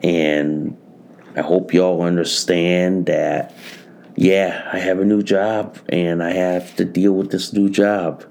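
A man's voice: deep voice, level tone, slow, vocal fry, darkish tone. A man hosting a solo podcast, talking to his listeners as "guys" and repeating his phrases with lots of swearing. He sounds tired. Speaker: podcast host.

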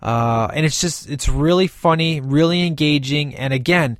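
A man's voice: fairly high pitch, moderate pace, no room sound, clean studio sound. Enthusiastic man reviewing a movie. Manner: enthusiastic, rambling with restarts.

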